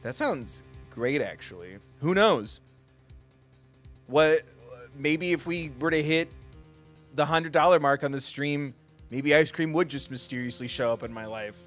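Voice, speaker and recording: A man's voice: a little high, unhurried, a bit bright, soft background music. A young adult man streaming a game, joking playfully with chat in a casual way.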